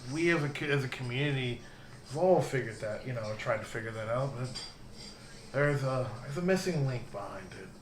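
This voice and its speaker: A man's voice: mid-range voice, expressive, brisk, echoey room, noisy background. A man narrating as game master, easygoing and rambling.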